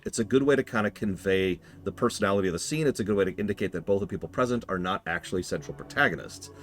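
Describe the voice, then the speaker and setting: A man casually commenting on a horror game during a live stream, rambling, interrupting himself and answering his chat. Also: on the low side.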